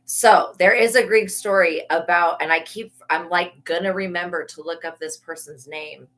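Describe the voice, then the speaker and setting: A woman's voice: lowish voice, fairly even intonation, normal speed, a bit bright, rough recording. A woman giving a rambling, chatty live-stream tarot reading, with many restarts, followed by a spoken prayer. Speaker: tarot reader.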